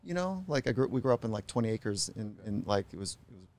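A middle-aged man, a psychologist guest on a podcast, telling stories in a reflective, unhurried way. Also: fairly low pitch, darkish tone. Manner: reflective, unhurried, acts out quoted voices. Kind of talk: podcast interview storytelling.

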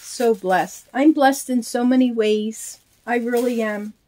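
A middle-aged woman with a slightly high voice chats slowly in a heartfelt vlog. She gushes thanks to a friend as she opens her mail. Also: a little mellow. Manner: slow, heartfelt, gushing with thanks. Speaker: reborn doll vlogger. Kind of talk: casual chat, unboxing.

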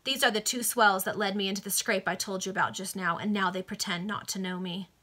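A woman reading the part of a loud, indignant male engraver who accuses two gentlemen. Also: mid-range voice, fairly even intonation, a little fast.

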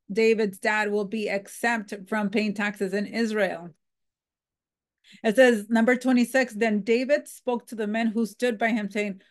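Woman, Bible teacher, conversational, fairly high voice, casual preaching. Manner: conversational and animated, dramatizing the characters with "like". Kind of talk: casual Bible teaching, reading scripture aloud.

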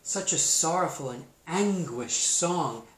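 Man as a sorrowful storybook cockatoo, slow and sighing, roomy echo. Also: on the high side, animated. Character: tearful, moved cockatoo.

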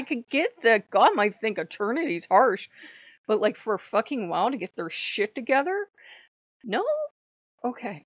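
A woman ranting on her vlog in an animated, sarcastic way, swearing freely, on a dull, dry recording. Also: on the high side, moderate pace, dry recording. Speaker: vlogger. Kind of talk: casual vlog rant.

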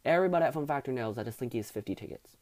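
A young man vlogging an animated, sassy rant about his job, worn out and tired. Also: mid-range voice, rapid-fire. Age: young adult. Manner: sassy, dramatic, acts out customers and himself in shifting voices.

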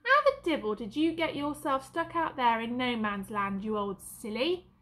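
Woman reading a gentle young soldier. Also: fairly high pitch, animated, normal speed. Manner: soft, coaxing. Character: gentle young soldier, man, kind with horses.

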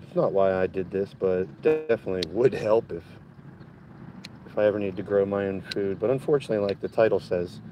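A man's voice: low-pitched, noisy background. A man hosting a casual gardening livestream from his backyard, chatting and swearing loosely while reading out viewer comments. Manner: chatty, swears casually, reads chat aloud.

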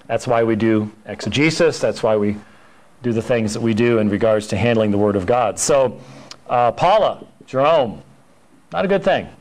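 A man's voice: on the low side, moderate pace, rough recording. A man teaching a church history Sunday school class, talking conversationally with frequent fillers and restarts, sometimes acting out quoted dialogue. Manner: acts out quoted dialogue in storytelling.

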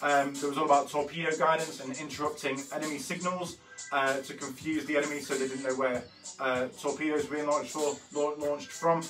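Man, 30s, art host, slightly high voice, a bit off-mic with faint music under it. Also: steady tone, a little fast, a bit bright, far from the mic, low-quality recording. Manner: chatty and rambling, with frequent fillers and self-corrections. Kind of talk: casual walkthrough of artwork.

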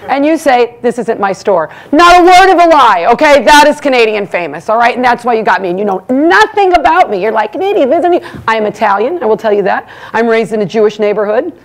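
A woman doing a brash stand-up monologue as master of ceremonies, teasing the crowd and talking fast. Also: a little high, animated. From United States. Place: banquet hall before a live audience.

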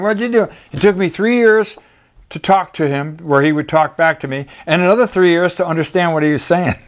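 An older man, a documentary photographer, talking casually through his photographs with rambling, folksy asides. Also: fairly high pitch. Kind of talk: storytelling slideshow talk.

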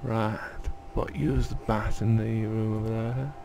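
A man voicing a gruff, condescending male tutorial instructor in a video game, barking instructions in a wandering mock Scottish accent. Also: fairly low pitch, a little slow, heavy background noise. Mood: bossy.

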